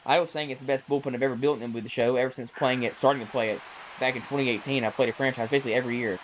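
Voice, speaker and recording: A man casually calling the plays of a baseball video game he is playing, chatty and self-correcting, with bursts of excitement on big plays. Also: medium pitch, rapid-fire, slight background noise, low-quality recording. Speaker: gaming YouTuber. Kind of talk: casual play-by-play while gaming.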